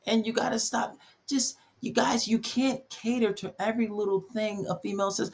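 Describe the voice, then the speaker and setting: A young man hosting a solo podcast, giving blunt, preachy dating advice and acting out quoted voices with big jumps in pitch. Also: moderate pace.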